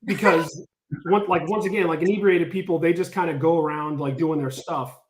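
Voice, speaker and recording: A man casually telling a story, animated and full of filler words, acting out what people said. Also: on the high side, moderate pace, echoey room. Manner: animated, lots of "like", acts out quotes. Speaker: storyteller on a podcast.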